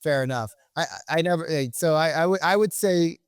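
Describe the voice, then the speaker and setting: A man's voice: fairly high pitch, a little fast, smooth, no room sound, clean studio sound. A man hosting a podcast in a casual, rambling way, full of restarts and loose swearing. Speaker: podcast host.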